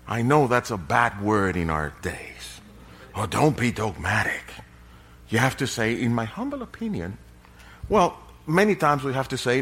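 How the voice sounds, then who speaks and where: Slow, bright-voiced emphatic male preacher. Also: mid-range voice. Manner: emphatic, rising to loud peaks. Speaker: pastor. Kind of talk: sermon.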